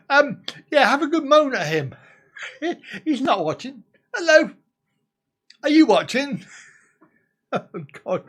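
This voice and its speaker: A man's voice: high-pitched, fairly bright tone, husky. A man hosting a casual live stream, chatting and laughing as he answers viewer comments.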